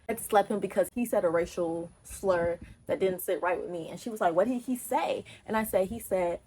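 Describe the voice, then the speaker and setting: A young woman vlogger from Texas tells an animated, emphatic, profane storytime in casual talk. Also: on the low side, slight background noise.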